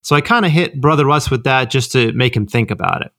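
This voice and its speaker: A man co-hosting a ministry podcast, explaining Bible passages in a relaxed way with lots of fillers. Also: mid-range voice, fast, dry recording, studio quality. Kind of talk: conversational Bible teaching.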